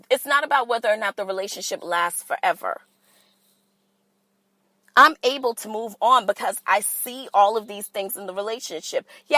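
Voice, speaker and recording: A woman's voice: medium pitch, a bit bright, no room sound, rough recording. A woman hosting a casual solo podcast, talking straight to her listeners in a candid, sassy and profane way. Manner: playful, talks straight to listeners. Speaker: podcast host.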